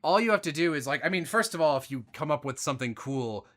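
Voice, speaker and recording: Lively casual male podcast co-host. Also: on the high side, fast talker. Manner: loose, swears freely, laughs into put-on voices. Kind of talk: casual chat.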